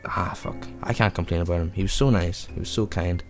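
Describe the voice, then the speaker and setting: A man's voice: sits low, brisk, soft background music. A young man hosting a podcast, telling a rambling, profane anecdote in a casual way. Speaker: podcast host. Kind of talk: casual storytelling.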